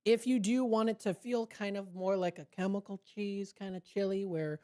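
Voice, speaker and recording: A woman radio host chats through a food segment in an easygoing, upbeat way, quick to laugh at her own puns. Her voice sits at an ordinary pitch with a mellow, warm tone. She is close on a studio microphone. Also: steady tone. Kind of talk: casual radio chat segment.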